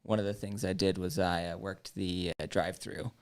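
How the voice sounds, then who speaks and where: A man's voice: low voice, level tone, normal speed. A man co-hosting a live stream show, telling casual anecdotes with jokes and free swearing. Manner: joking, casual storyteller, swears freely. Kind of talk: casual chat.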